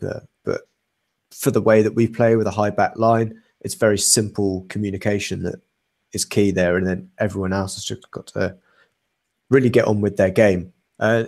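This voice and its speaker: A man's voice: fairly low pitch, darkish tone. A young man co-hosting a casual football podcast, talking things through in a thoughtful, analytical way with frequent ums and uhs. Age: young adult. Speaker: podcast co-host.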